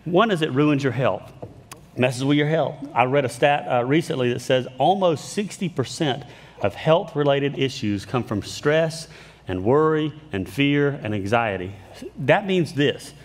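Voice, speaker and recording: A man delivers a sermon in an easygoing, conversational way, poking fun at himself and often restarting his sentences. His pitch sits at an ordinary middle height. The sound carries a long reverb from a large church hall. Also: lively intonation, unhurried. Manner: conversational, self-deprecating humor, frequent restarts. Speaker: pastor. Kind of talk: sermon with storytelling. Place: church sanctuary.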